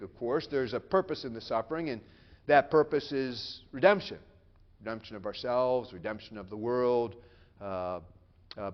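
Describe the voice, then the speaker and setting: A man preaching a sermon as pastor, earnest and emphatic, dropping to a hush and then building with dramatic pauses. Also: medium pitch, dull audio.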